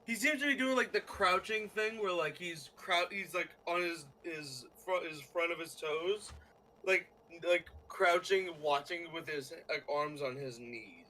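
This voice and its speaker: A man narrating as game master of a tabletop game, in a halting way with many fillers and restarts. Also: fairly high pitch, bright, forceful tone, a little hiss or hum, rough recording.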